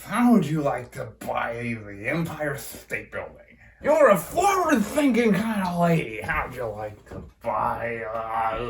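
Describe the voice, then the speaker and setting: Goofy young man, echoey bedroom. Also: distant mic. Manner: goofy, deadpan silly voices, pitch swinging wildly. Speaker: prank caller. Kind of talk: playful comedic phone bits.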